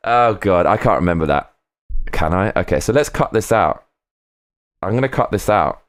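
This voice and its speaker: A man's voice: low-pitched, expressive, normal speed, long pauses, no room sound, studio quality. A man on a casual live stream, rambling between topics, swearing freely and reading viewer comments aloud.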